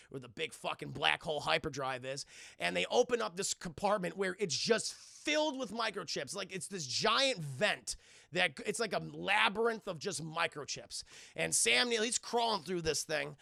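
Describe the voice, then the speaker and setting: A man's voice: high voice, gravelly, bright, forceful tone, dry recording, clean studio sound. A young man streaming a casual, profane film recap to his live chat, acting out the characters' lines as he goes. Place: home streaming setup.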